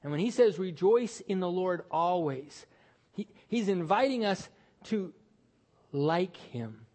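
A man's voice: sits high, lively intonation, slow, darkish tone. A middle-aged man preaching a sermon as pastor, conversational and self-deprecating, with sudden lifts of the voice for emphasis.

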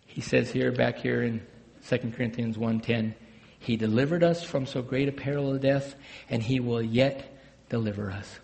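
A man preaching a sermon as a pastor, swinging between loud emphatic bursts and hushed, low phrases. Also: fairly even intonation, moderate pace, vocal fry. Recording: long hall reverb.

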